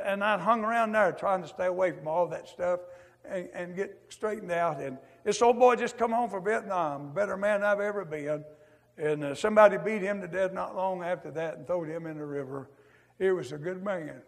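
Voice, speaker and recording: A preacher's testimony in a high, gravelly voice, his folksy drawl carrying a long echo off the hall. He swings from loud to hushed and keeps tossing in "amen.". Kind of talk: testimony sermon. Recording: echoey hall.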